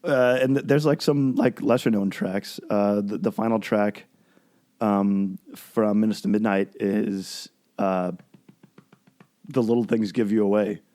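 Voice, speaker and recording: A man co-hosting a podcast, chatting casually about music in a halting, rambling way with lots of fillers and restarts. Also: lowish voice, steady tone, mellow. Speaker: podcast co-host.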